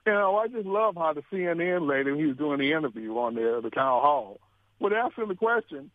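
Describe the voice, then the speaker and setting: A man's voice: fairly high pitch, sing-song, a little fast, vocal fry, dry recording. A man chatting on a political talk radio show, emphatic, laughing often and asking rhetorical questions. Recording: dry tinny phone-like radio sound.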